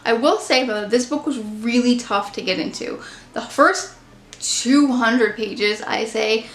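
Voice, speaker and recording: A woman's voice: on the high side, unhurried, a bit bright, reverberant. A woman casually chatting through her monthly book reviews, candid and opinionated. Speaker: book vlogger.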